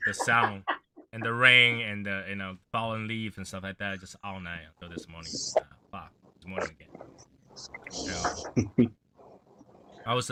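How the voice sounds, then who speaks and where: A livestream host with a fairly low-pitched voice rambles through a casual chat in a gloomy, offhand manner, swearing now and then. Background noise can be heard.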